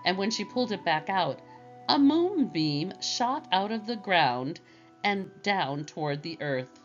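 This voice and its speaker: A woman gently narrating a children's storybook aloud. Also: medium pitch, measured pace. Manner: gentle and expressive. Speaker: storybook reader. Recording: dull lo-fi with faint music.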